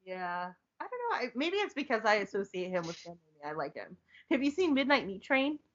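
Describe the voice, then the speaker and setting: A woman's voice: medium pitch, very animated, brisk, dull audio. A woman hosting a podcast in casual chat, swearing freely and laughing often. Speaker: podcast host.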